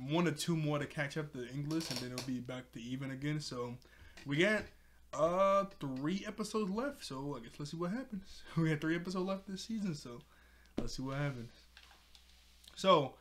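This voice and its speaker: A young man casually recapping a cartoon episode, rambling with fillers and self-corrections, laughing often. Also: on the high side. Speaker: video reviewer.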